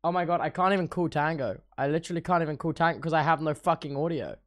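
A man's voice: fairly high pitch, fast talker. A young man chatting on a livestream. He swears a lot, rants about tech trouble and repeats himself as he talks. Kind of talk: casual stream chat.

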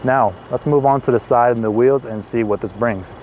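A man in his twenties hosting a car review, talking in an excitable, chatty way with casual asides as he walks around a parked car outdoors. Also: mid-range voice, moderate pace. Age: 20s.

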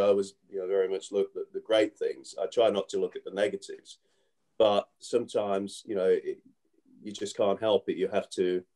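A man in his fifties recounting his past in a relaxed interview, his voice low and warm in tone. He rambles, circles back and fills gaps with "you know" as he goes. He grew up in England. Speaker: guest, former cricketer. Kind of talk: casual storytelling interview.

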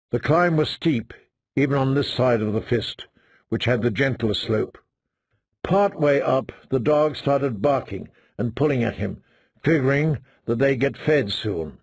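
A man narrating an audiobook in a slow, measured reading. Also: mid-range voice, lively intonation, no room sound, clean studio sound. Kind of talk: scripted narration.

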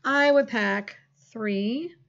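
A middle-aged woman leads a second grade phonics lesson in a slightly high, sing-song voice. She stays encouraging and draws words out slowly for young children. The sound is dull and lo-fi. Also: fairly bright tone. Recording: dull lo-fi classroom recording.

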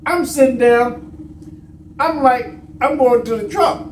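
A man with an extremely high voice co-hosts a vlog, chatting casually at normal speed and acting out the people in his stories with animation. The mic sits at a distance in an echoey room, with faint noise.

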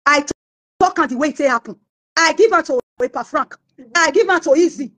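A Nigerian woman singer, speaking fairly quickly in a high, slightly bright voice, tells a story during an interview. She acts out the words of the people in it.

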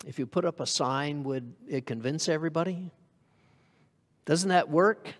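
A man's voice: fairly high pitch, normal speed, long reverb tail. A man preaching a sermon to a congregation in a conversational way, often asking them questions. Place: church hall.

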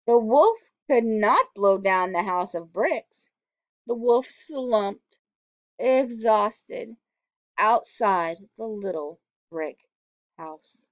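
A woman teacher reading a storybook aloud to children, expressive and animated, stopping to ask them questions. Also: mid-range voice, extremely slow, no echo. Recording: dull, dry lo-fi recording.

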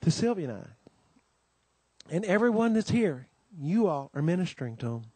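A man's voice: sits high, very animated, measured pace, mellow, slightly rough, no echo. A man hosting a Christian conference, welcoming the audience with homespun stories and many asides. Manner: homespun storytelling, many "you know"s, acts out quoted voices. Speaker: conference host giving the welcome. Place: conference gathering.

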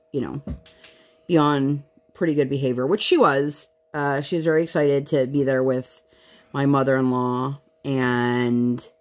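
A woman in her thirties chatting casually at home while she works on a craft project, telling candid stories and now and then putting on voices when she quotes people. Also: very deep voice. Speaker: craft vlogger.

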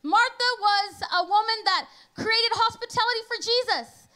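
Woman preaching in church, super high voice, bright and chatty, keeps asking right?. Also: moderate pace. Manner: chatty, storytelling, frequent "you know" and "right?". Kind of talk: conversational sermon.

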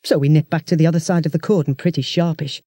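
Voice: medium pitch, fairly even intonation, fast talker, mellow, no room sound, studio quality. An audiobook narrator reading a children's story in a chatty first-person voice.

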